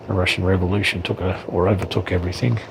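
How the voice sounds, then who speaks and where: Deep gravelly man unboxing miniatures. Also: little pitch movement, fast, noisy background. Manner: hesitant, frequent ums and self-corrections. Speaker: wargaming hobbyist reviewing miniatures. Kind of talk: casual unboxing commentary.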